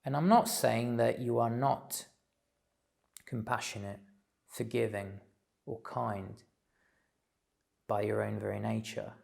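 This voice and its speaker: A man giving a slow, thoughtful spiritual talk, pausing often with fillers. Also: fairly low pitch, steady tone, gravelly, darkish tone. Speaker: spiritual teacher. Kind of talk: reflective solo talk.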